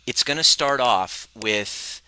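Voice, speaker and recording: A man with a very bright, forceful voice talks casually to his audience as a personal growth coach. He is blunt and profane and often breaks into laughter. The sound is close and dry. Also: mid-range voice, lively intonation, takes it slowly, clear, resonant tone, no echo, rough recording. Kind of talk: casual live talk to an audience.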